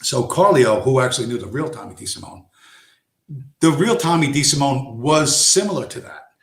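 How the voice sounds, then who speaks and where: A man's voice: medium pitch, lively intonation, moderate pace, creaky, fairly bright tone, echoey room. A man hosting a casual live stream, rambling through stories, swearing and acting out quoted lines. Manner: rambling storyteller, acts out quoted tough-guy lines, swears.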